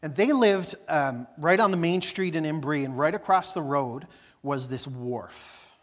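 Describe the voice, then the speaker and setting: A man's voice: fairly high pitch, unhurried, big-room sound. A middle-aged man, a pastor telling a childhood story in a conversational sermon full of fillers and restarts. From Newfoundland, Canada.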